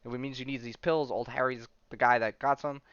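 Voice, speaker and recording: A man's voice: mid-range voice, fairly even intonation, a little fast, fairly bright tone, clean tone, no room sound, highs cut off. A man hosting a podcast, casually recapping a comic book in a rambling way, full of fillers and asides. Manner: rambling, heavy on fillers and "right?". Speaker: podcast host.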